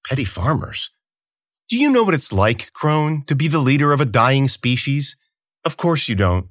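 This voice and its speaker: A man's voice: medium pitch, big pitch swings, moderate pace, fairly bright tone, no echo, clean studio sound, voice pushed up. A man playing a sneering, arrogant emperor. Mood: scornful. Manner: sneering, theatrical. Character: arrogant contemptuous male emperor, bored and scornful. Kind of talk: audiobook character voice.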